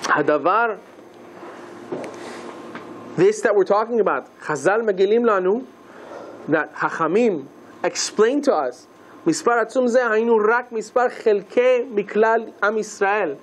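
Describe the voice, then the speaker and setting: A man teaching a class as a rabbi, lively and playful, asking the listeners questions and mixing Hebrew terms into his lesson. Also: high-pitched, measured pace, long pauses, a little hiss or hum, poor audio.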